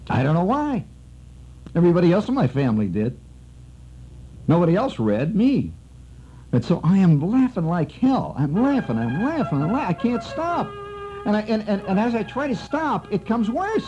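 Wry storytelling man on old radio. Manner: rambling, wry, leaps high when excited. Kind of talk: animated spoken storytelling. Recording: dull lo-fi old radio recording.

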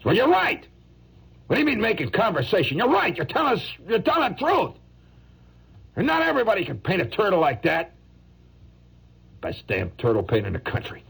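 A man voicing a touchy, boastful male street painter who talks gruffly and emphatically. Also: deep voice, lively intonation, normal speed, a little mellow, full character voice. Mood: indignant.

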